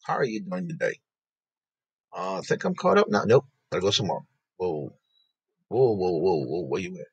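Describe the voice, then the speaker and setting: A man's voice: deep voice, very animated, moderate pace, vocal fry, pauses often, breathy edge, no echo, highs cut off. A man hosting a casual livestream, greeting viewers in the chat by name and laughing often. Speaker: livestream host.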